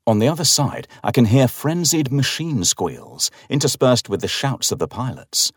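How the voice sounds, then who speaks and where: A man giving a dramatic, expressive first-person narration of a horror story. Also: mid-range voice, normal speed, breathy edge, no echo, clean studio sound.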